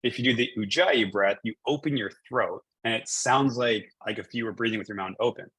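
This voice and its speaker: A man in his thirties talks through a personal story as a coach, looping back with fillers and restarts. His voice sits on the low side with a husky, slightly breathy edge. The sound is dry and close, with little room around it. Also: fairly quick, fairly bright tone, no echo, poor audio. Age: 30s. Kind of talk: casual coaching conversation.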